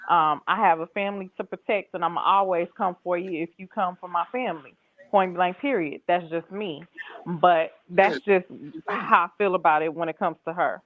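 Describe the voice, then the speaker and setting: A woman's voice: fairly low pitch, moderate pace. Blunt woman on a tinny phone line. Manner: blunt, firm. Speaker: panel guest. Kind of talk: casual panel talk.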